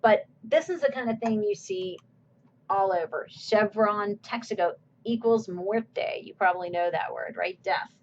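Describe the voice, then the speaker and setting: A woman's voice: medium pitch, big pitch swings, normal speed, creaky, lo-fi sound, slight background noise. Woman giving a recorded slide lecture. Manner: conversational, asks questions and answers them. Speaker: course instructor.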